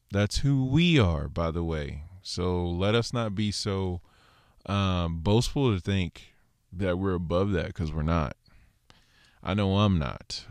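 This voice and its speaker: A man's voice: low voice, no room sound. A man giving a casual Torah teaching, talking conversationally and acting out the people he quotes, with self-deprecating humor. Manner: conversational, acts out quoted people in lively voices.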